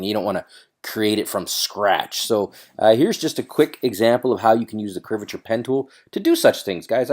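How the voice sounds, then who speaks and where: A man hosting a casual screen-recorded software tutorial, chatty and loose, thinking aloud as he works. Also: lowish voice.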